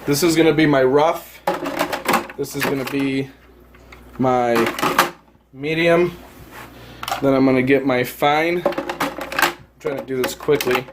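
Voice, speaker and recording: A man's voice: medium pitch, steady tone, slow, long pauses, very noisy. A man giving a casual hands-on product demo at home beside a tank, filming on a handheld phone and rambling with lots of fillers and self-corrections. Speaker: product reviewer.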